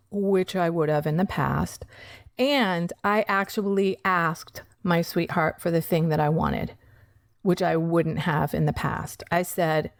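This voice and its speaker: A woman's voice: on the low side, no room sound, clean studio sound. A woman hosting a podcast, telling a personal recovery story in a candid, frank way and swearing casually. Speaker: podcast host.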